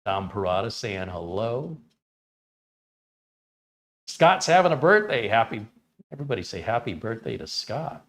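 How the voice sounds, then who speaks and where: An American man hosting a live tech stream, running benchmarks and chatting casually with viewers in a relaxed way. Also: fairly low pitch, a little slow, long pauses. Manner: relaxed, chatty, reads chat names aloud. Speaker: tech channel host. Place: home studio.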